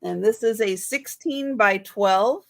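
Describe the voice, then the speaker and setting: Unhurried woman showing art for sale. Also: mid-range voice, vocal fry, fairly bright tone, dry recording, low-quality recording. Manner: slow, explaining and correcting pronunciation. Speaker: live sale co-host. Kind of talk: showing items on a live sale.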